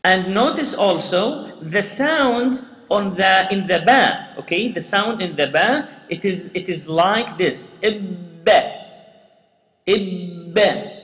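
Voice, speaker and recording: A man's voice: sits high, expressive, slow, fairly bright tone. A man teaching Quran recitation, patiently repeating sounds and words for students to say after him. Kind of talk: slow step-by-step tajweed lesson with recitation. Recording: echoey room with long reverb.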